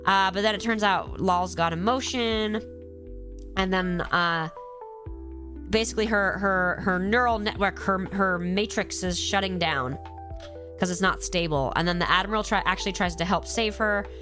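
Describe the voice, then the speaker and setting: A woman's voice: medium pitch, normal speed, over music. Congested woman gushing on a live stream. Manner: animated, gushing, acts out quoted lines. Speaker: streamer ranking episodes. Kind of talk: casual live-stream chat.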